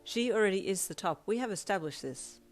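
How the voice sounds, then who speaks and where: A woman's voice: mid-range voice, expressive, brisk, soft background music, pitched above the performer's own voice, natural voice. A woman voicing a polite, formal young male student who speaks in a stiff, earnest, blunt way.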